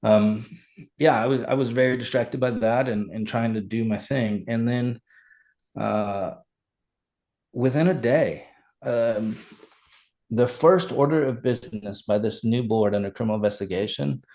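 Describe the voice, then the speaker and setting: Middle-aged male fire chief, earnest and animated, middle-range voice, conversational podcast guest. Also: mid-range voice, measured pace. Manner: animated, earnest, reenacts dialogue. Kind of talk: conversational storytelling.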